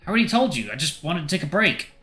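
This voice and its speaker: A man's voice: a little high, sing-song, fast talker, sharp tone, soft background music, pitched above the performer's own voice. Young guy in his twenties, casual and a bit defensive, raised voice; a man reads him. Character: 23-year-old unemployed man, defensive traveler.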